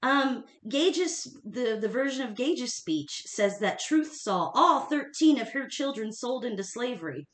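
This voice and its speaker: A woman co-hosting a relaxed history chat, with a lively, swooping delivery. She talks emphatically and laughs often. The recording sounds echoey, as if made in a bare room. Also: fairly high pitch, a little slow, few pauses. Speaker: podcast co-host.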